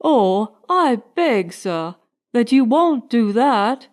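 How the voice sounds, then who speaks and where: A woman reading an audiobook voices a polite, anxious male butler who speaks in a halting, apologetic, formal way. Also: a little high, big pitch swings, darkish tone. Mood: pleading.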